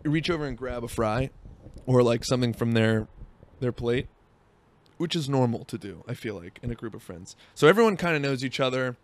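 A man's voice: mid-range voice, expressive, a little fast. A young man hosting a podcast, telling a rambling, profane story in a casual monologue full of fillers, talking while driving. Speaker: podcast host.

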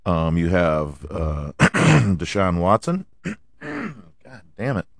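A deep-voiced man with a hoarse, allergy-worn throat rants about football, swearing freely and firing off rhetorical questions. His pitch swings widely as he gets worked up, and the sound is dry and close. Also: huge pitch swings, extremely slow, no room sound. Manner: profane, ranting, rhetorical questions. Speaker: podcast host. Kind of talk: casual sports rant.

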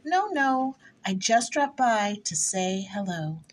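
A woman's voice: mid-range voice, very animated, takes it slowly. A woman playing a nervous, flustered married suburban woman, chattering breathlessly in a rehearsed stage play reading. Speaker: actor in a rehearsal.

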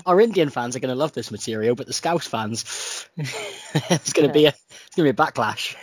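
A man's voice: mid-range voice, lively intonation, fairly quick, husky, no room sound. A young man from Wales with a Welsh accent, co-hosting a podcast in crude, jokey casual chat. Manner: crude, jokey, laughs often. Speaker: podcast co-host.

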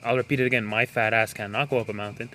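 A man's voice: on the low side, fairly even intonation, very fast, bright, forceful tone, slight background noise. A man co-hosting a podcast in casual joking chat, playful and teasing, laughing often. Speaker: podcast co-host.

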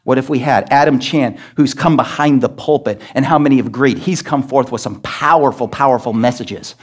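A pastor delivering an emphatic sermon in a church, scolding and asking rhetorical questions. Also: male voice, mid-range voice, a little fast. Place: church sanctuary.

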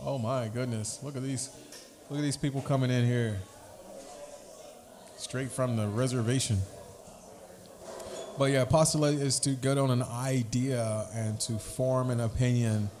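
Brief: male podcast host, casual rambling talk, middle pitch, reverberant room. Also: fairly even intonation, a little slow, long pauses, a little mellow, slight background noise. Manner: rambling, repeats himself, rhymes for fun. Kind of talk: casual chat.

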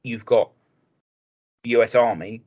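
A man co-hosting a hobby podcast, speaking in a measured, explanatory way with frequent restarts. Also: on the low side, steady tone, darkish tone, muffled recording. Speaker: podcast co-host. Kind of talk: casual chat.

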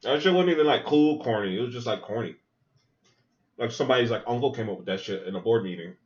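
Male podcast host with a very animated, crude watch-along delivery and a muffled lo-fi sound. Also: medium pitch, fast. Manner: loose, profane, joking running commentary. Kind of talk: casual movie watch-along commentary.

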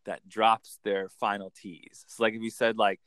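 A man working as an accent coach, chatting in an animated, storytelling way. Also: fairly low pitch, no room sound. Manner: animated, lively storytelling with quick bursts into put-on voices. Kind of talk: casual interview chat.

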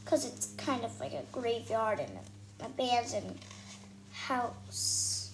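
A woman's voice: fairly high pitch, very animated, slow, slight background noise, low-quality recording. A woman reading a storybook aloud, voicing an easygoing young boy.

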